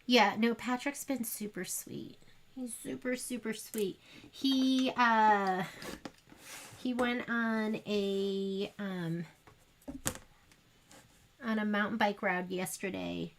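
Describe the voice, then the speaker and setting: A woman's voice: mid-range voice, steady tone, takes it slowly, pauses often, a little hiss or hum. A woman hosting a sewing livestream, chatting casually and rambling to her viewers as she works. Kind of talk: casual chat while sewing.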